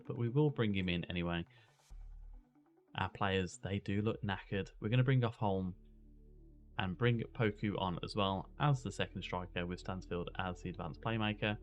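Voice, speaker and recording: A young man giving excitable match commentary while playing a football management game, mixing play-by-play with musing on tactics. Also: lowish voice. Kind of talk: gameplay commentary.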